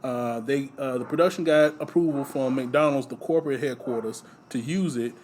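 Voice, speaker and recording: A man casually telling stories in conversation, relaxed and laughing often, with lots of fillers. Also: medium pitch, normal speed, slight background noise. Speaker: podcast host. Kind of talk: casual chat.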